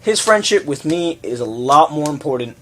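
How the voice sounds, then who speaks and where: A young man co-hosting a casual, crude chat show, animated and laughing, jumping between topics. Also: fairly high pitch, normal speed. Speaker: podcast co-host.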